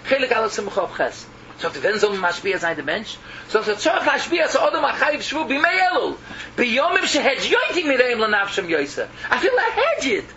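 A man preaching in English mixed with Yiddish and Hebrew terms, emotional and repetitive, swinging between cries and murmurs. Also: very high voice. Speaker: rabbi. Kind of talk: Yiddish-laced sermon. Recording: muffled lo-fi recording with background noise.

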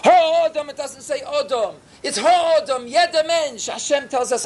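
High-voiced rabbi giving a lively sermon. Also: male voice, normal speed, hardly any pauses, slight background noise. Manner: animated, acts out biblical dialogue in character voices; peppers English with Yiddish and Hebrew terms. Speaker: rabbi teaching students.

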